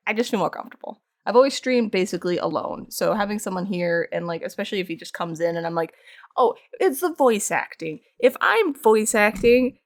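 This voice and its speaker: A woman's voice: mid-range voice, no room sound, clean studio sound. A young woman chatting casually with her viewers while streaming art from home. She rambles, pokes fun at herself and laughs often. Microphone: streaming microphone.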